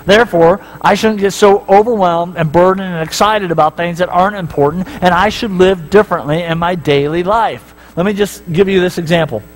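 High-voiced preacher telling animated stories. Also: male voice, brisk, hardly any pauses, low-quality recording. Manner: animated storytelling, acting out voices with big swings in pitch; talks straight to the congregation with repeated questions. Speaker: pastor. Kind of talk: sermon. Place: church sanctuary.

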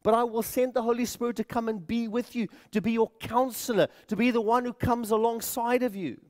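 A man's voice: very high-pitched, steady tone, a little fast, a little mellow. A man preaching a sermon in a church, earnest, repeating words and addressing the congregation as friends. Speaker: pastor.

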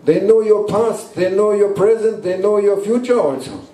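High-voiced sheikh preaching in an echoey room. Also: male voice, dark tone. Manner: repeats short emphatic phrases, halting non-native English. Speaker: Sufi sheikh teaching a gathering. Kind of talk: sermon. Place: indoor gathering room at a guesthouse. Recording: roomy echo, distant mic.

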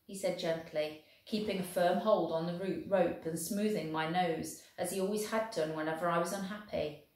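A woman English teacher reading a novel aloud in a steady, expressive storytelling voice. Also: lowish voice, moderate pace. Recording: very echoey room.

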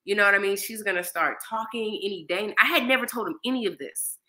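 A woman's voice: medium pitch, fast talker, poor audio. A woman, a mother in her thirties, telling a personal story in a casual interview and acting out the voices of people she quotes. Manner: animated, acts out quoted dialogue. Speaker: interview guest.

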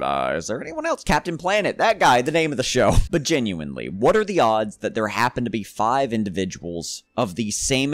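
A man's voice: mid-range voice, no room sound. A man from the American South doing sarcastic, profane comedic commentary as a video reviewer. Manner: sarcastic, profane, laughs often.

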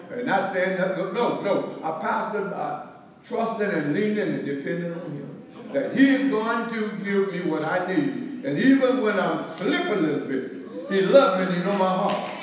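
A man pastor teaching a Bible study, preaching in a repetitive, rising and falling cadence. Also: high voice. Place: church hall. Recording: echoey hall, from far off.

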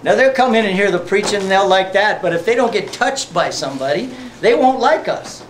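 High-voiced folksy man preaching. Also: expressive, brisk, a little hiss or hum. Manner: folksy, joking, laughs often. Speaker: pastor. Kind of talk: sermon. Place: church sanctuary. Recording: echoey church sanctuary, mic from far off.

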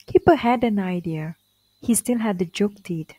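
A woman reading a children's storybook aloud, slowly and clearly, with expressive delivery. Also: medium pitch, dry recording, poor audio. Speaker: storybook reader.

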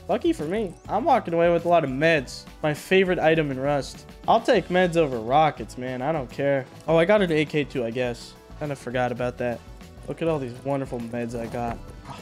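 A young man giving casual gameplay commentary, laid-back and joking, with a self-mocking tone. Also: a little high. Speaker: gaming video host.

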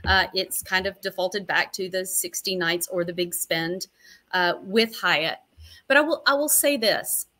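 Bright-voiced, chatty middle-aged woman. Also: lowish voice, a little slow. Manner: chatty, long-winded, self-deprecating. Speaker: interview guest, registered nurse. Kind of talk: casual interview storytelling.

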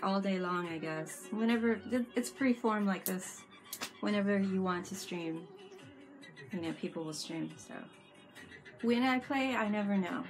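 A woman chats on a live stream in an easy, drawn-out way and teases her viewers. Her voice sits at an ordinary pitch, and soft music plays faintly behind her. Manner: playful and teasing, laughs often. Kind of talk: casual live stream chat. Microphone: webcam mic with fisheye lens.

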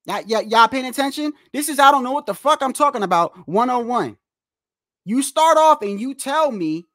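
A man hosting a boxing livestream and ranting in a heated, animated way, repeating himself, swearing often and trash-talking the chat. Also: very high-pitched, normal speed, no room sound, studio quality. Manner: animated, repetitive, trash-talking with frequent profanity.

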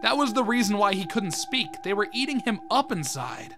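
A man's voice: sits high, big pitch swings, normal speed. A man on a video channel reading a fan horror comic aloud and reacting casually as he goes. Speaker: YouTuber. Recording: music playing underneath.

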